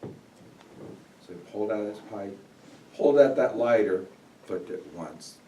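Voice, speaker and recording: A man's voice: lowish voice, a little slow, long pauses, mellow. Male speaker reciting a fairy tale with big swells, recorded from afar in a reverberant room. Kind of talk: memorized storytelling speech. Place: meeting room. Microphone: room mic from a distance. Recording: echoey room, distant mic.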